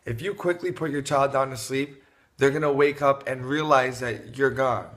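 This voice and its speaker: A man's voice: mid-range voice, moderate pace. Laid-back man giving parenting tips. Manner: relaxed, rambling, many fillers and restarts. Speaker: parenting vlogger. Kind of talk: casual advice talk to camera.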